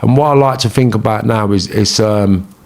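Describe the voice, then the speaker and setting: A man's voice: lowish voice, normal speed, vocal fry. A man with a London accent, a guest telling his story in an interview, blunt and full of swearing and street slang. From England.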